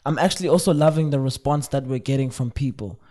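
A man's voice: mid-range voice, fast, mellow. Eager, stammering man on a podcast. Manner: enthusiastic, stammering restarts, slangy. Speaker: podcast co-host. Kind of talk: casual chat.

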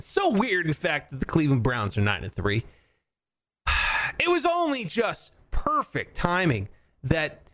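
A man co-hosting a casual chat, animated and prone to loud excited shouts. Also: a little high. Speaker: podcast co-host.

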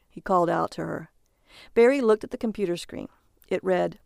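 A woman's voice: lowish voice, moderate pace, gravelly, darkish tone, no echo. A woman reading a comic short story aloud as narrator, in a dry, matter-of-fact manner.

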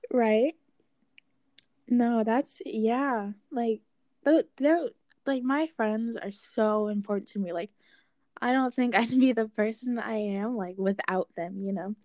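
A young woman rambles through a frank, casual chat, leaning on fillers and the odd swear word. Her voice sits a little high. The sound is dry and close, with no room echo. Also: slow pace, darkish tone.

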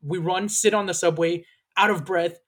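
A man hosting a podcast, telling a story in casual chat, animated and swearing freely as he acts out what people said. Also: high voice, normal speed. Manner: animated, profane, acts out quoted lines. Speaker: podcast host.

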